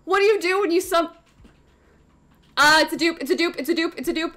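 A young woman streaming a game, squealing with excitement and repeating phrases over and over. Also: very high-pitched, a little fast, long pauses. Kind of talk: excited live-stream commentary. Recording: slightly off-sounding stream audio.

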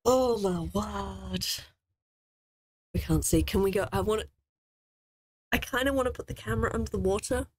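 A woman commenting on her gameplay as a let's play host, excitable and jumpy, swearing often. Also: mid-range voice, moderate pace, pauses often. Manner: excitable, swears a lot, jumpy and easily scared.

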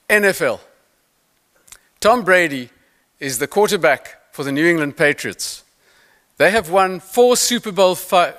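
A man giving a keynote talk on mental toughness, telling stories with playful asides to the audience. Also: a little high. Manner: animated storytelling with playful asides. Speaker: motivational speaker.

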